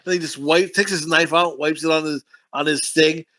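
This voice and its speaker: A man's voice: fairly high pitch, moderate pace. A man co-hosting a podcast, chatting crudely about a film he loved as a child and breaking into mocking voices. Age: adult, recalls the film from childhood. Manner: animated, swings into mocking voices of movie characters. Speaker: podcast co-host. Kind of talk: crude casual film chat.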